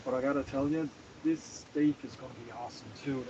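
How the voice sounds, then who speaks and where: A man's voice: mid-range voice, steady tone, brisk, lo-fi sound, noisy background. A man from Canada chatting casually on a live stream while he cooks, laughing often and greeting viewers by name.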